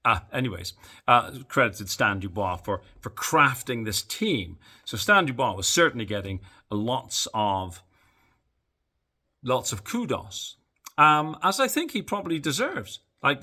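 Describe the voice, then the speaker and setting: A man talking through a boxing press conference in a casual solo monologue, opinionated and openly sarcastic. He speaks slowly, pausing on ums and restarting sentences. His voice is bright and forward, at a middle pitch. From Canada. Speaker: boxing commentator.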